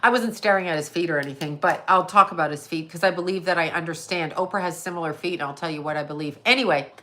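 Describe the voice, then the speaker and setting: A woman's voice: fairly low pitch, fast talker, bright, forceful tone. A middle-aged woman from Canada, hosting a casual livestream, rambling from tangent to tangent, swearing freely and answering chat comments as she goes. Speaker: psychic medium and livestream host.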